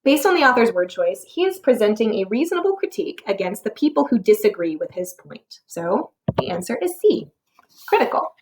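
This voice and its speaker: A woman teacher narrating clearly. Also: mid-range voice, very animated, a little fast, background noise. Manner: clear, explanatory, with rhetorical questions. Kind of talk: scripted narration for a test-prep lesson.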